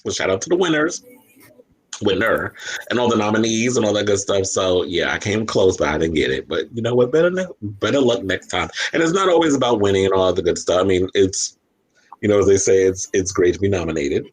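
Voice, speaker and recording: A man's voice: lowish voice, animated, brisk, husky, low-quality recording. A man hosting a podcast on a live stream, talking in a loose, chatty way with lots of fillers, a little tipsy. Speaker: podcast host. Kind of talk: casual live-stream chat. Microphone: desk microphone.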